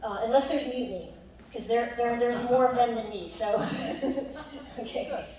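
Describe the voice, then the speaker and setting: A woman's voice: a little high, measured pace, warm tone, a little hiss or hum. A woman dance instructor teaching a live class, upbeat and counting beats aloud to the music. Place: dance hall. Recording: echoey hall from far off, music behind.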